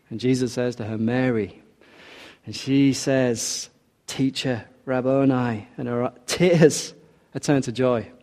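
A preacher delivers his sermon earnestly and with measure, his mid-range voice warm and mellow. He slows down so the key lines land.

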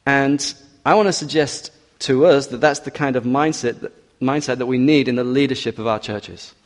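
A man of middle pitch preaches to his congregation, moving through a scripture passage verse by verse. He slips in teasing asides, then presses his points with rising emphasis. The sound rings with the long reverb of a church hall. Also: normal speed. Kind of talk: expository sermon.

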